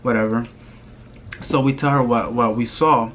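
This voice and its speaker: A young man vlogger telling a spooky story in a casual, rambling way, often dropping his voice low and filling with "like". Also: fairly even intonation, normal speed, slight background noise. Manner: rambling, hushed telling with many "like" fillers.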